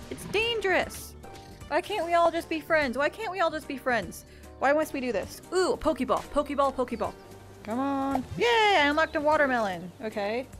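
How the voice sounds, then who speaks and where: A woman playing a VR game while commenting live, excitable and often screaming and yelping at the game's characters through her headset mic. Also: high voice. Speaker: VR gaming YouTuber.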